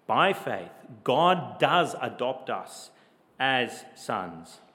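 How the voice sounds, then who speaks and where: Male preacher, a touch high-pitched, emphatic swells and quiet drops, reverberant church hall. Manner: emphatic, rhetorical questions, swells in volume then drops low. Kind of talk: sermon.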